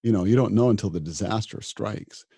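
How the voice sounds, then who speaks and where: Speaking a little fast, a middle-aged disaster physician gives an earnest, reflective interview, often repeating words at the start of a sentence. His fairly low voice is dark with vocal fry and a breathy edge, captured as clean studio sound with no echo.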